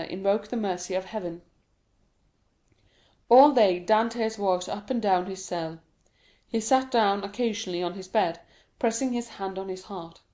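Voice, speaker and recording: A woman narrates a classic novel as an audiobook in a steady, even read. Her pitch sits at a middle level. Her tone is dark and mellow. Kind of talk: scripted narration.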